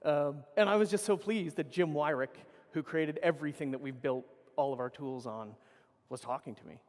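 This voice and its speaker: Middle-aged male speaker, slightly high voice, loose and profane storytelling, big echoing hall. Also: moderate pace. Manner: casual, profane, rambling with self-corrections. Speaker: conference speaker. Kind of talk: anecdotal conference talk. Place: large conference hall. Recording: reverberant conference hall.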